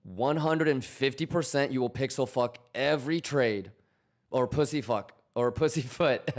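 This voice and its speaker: A man's voice: medium pitch, takes it slowly, long pauses. Hyped, profane male trading streamer. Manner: hyped, profane, teasing, repeats questions to chat. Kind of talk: casual live-stream chat to viewers.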